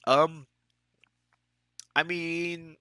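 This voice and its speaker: A man's voice: on the high side, flat delivery, drawn-out words, sharp tone, no room sound, clean studio sound. A man with a stuffy, sick-sounding nose chatting casually with his viewers while streaming a game, laid-back and laughing often. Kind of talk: casual live-stream chat.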